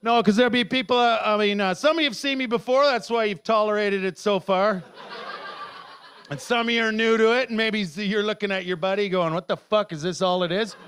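A middle-aged man from Canada performs stand-up with an unusually high voice. He rambles, shouts lines for effect and laughs through his own bits. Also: moderate pace, clean tone. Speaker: stand-up comedian. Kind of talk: live stand-up set. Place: comedy club stage.

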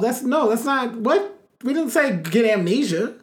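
A man's voice: very high-pitched, brisk, few pauses, darkish tone. A man co-hosting a casual chat, talking bluntly and emphatically, with profane and fiery rants.

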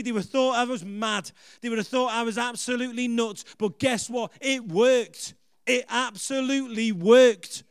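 High-voiced preacher, rousing. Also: male voice, clear, resonant tone, dry recording, studio quality. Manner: energetic, rousing, rising to shouts and chuckling at himself. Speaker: pastor. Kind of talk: sermon.

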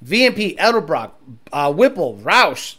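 A man's voice: a little high, sing-song, unhurried, a bit bright. A young man hosting a casual livestream, reading chat and ranting bluntly with lots of profanity and boasting.

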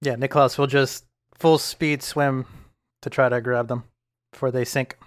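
A man playing a tabletop game, calmly explaining his character's actions step by step. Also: mid-range voice, a little slow. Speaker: player. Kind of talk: casual tabletop play.

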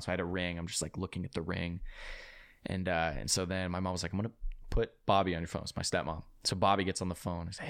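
A man telling a long story on a casual podcast, swearing a lot and acting out the people in it loudly. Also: deep voice, fast. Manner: animated, profane, acts out quotes loudly. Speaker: podcast guest.

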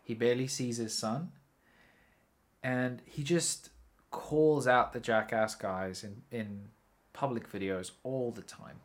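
Male podcast host, loose rambling storyteller, casual swearing, mid-pitched voice. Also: takes it slowly. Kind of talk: casual solo podcast monologue.

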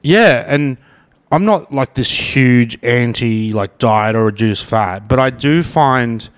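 A man's voice: medium pitch, expressive, slow pace. Australian male podcast host, rambling casual chat, restarts a lot. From Brisbane, Australia. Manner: rambling and chatty, often repeats words.

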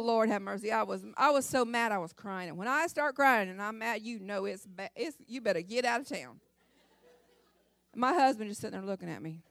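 Middle-aged woman speaker, higher voice, dry close sound, emphatic testimony-style delivery. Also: moderate pace, fairly bright tone, no room sound. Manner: dramatic, emphatic storyteller. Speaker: church speaker. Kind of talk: sermon testimony.

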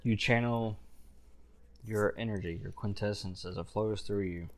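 A man narrating a tabletop game as game master, describing scenes slowly with fillers. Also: fairly low pitch, steady tone.

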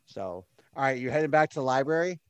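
A man's voice: mid-range voice, lively intonation, fast talker, clear, resonant tone, no room sound, dull audio. Man running a tabletop game. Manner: casual, rambling narration with fillers. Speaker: game master.

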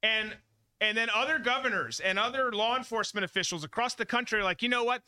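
Guy hosting a podcast, high voice, really bright and sharp, says stuff twice to hammer it home. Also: lively intonation, quick pace. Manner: emphatic, repeats himself for stress. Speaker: podcast host. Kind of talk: casual opinionated chat.

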